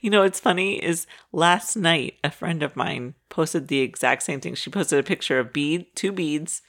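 A woman co-hosting a podcast in casual chat, laughing often and agreeing quickly. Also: deep voice, fairly bright tone. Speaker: podcast co-host.

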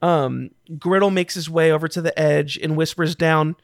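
A man's voice: a little high, steady tone, normal speed, creaky, few pauses, no room sound. Man running a tabletop game, dry sound. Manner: loose, laughing, with fillers. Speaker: game master.

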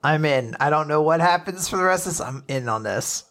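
A man's voice: a little high, lively intonation, brisk, a bit bright. A man co-hosting a casual podcast, gushing emphatically about a comic and swearing freely. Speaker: podcast co-host. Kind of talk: casual comic recap chat.

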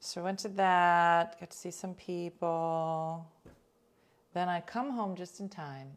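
A woman host talking casually to her listeners, her voice sitting a little low. She tells stories in an animated, chatty way, and now and then she drops to a whisper for an aside. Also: takes it slowly.

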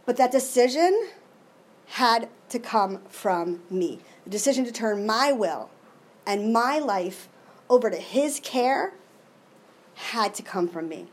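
Emotional, expressive woman sharing her recovery. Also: on the high side, slow pace. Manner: emotional, expressive, with many restarts. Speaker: recovery meeting speaker. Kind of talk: personal recovery share.

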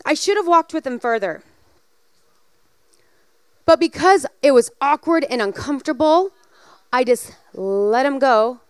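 A woman delivers a sermon in a high, bright-toned voice, recorded dry and close. She tells a personal story with animated energy and rises into emphatic exhortation. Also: unhurried, pauses often, smooth, dry recording. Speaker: preacher.

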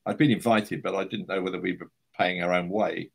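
Older husky-voiced man telling stories. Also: low-pitched, steady tone, brisk. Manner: chatty storyteller, many restarts and fillers. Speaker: guest, writer. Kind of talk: anecdotal interview conversation.

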